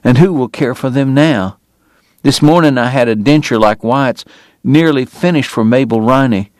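A man voicing a bitter, weary, consumptive male dentist who speaks with slow, quiet precision. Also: mid-range voice, no echo, pitched above the performer's own voice, natural voice. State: coughing illness, strained breath.

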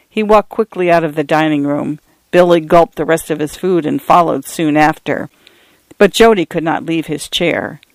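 A man reading a novel aloud as an audiobook narrator, measured storytelling with slight tone shifts for characters. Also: fairly high pitch, vocal fry, dry recording.

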